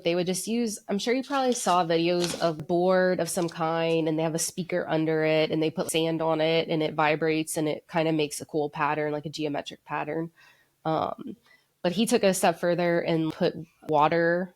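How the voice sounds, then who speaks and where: Woman podcast host, low voice, congested with a cold, rambling casual chat. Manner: loose and rambling, many fillers.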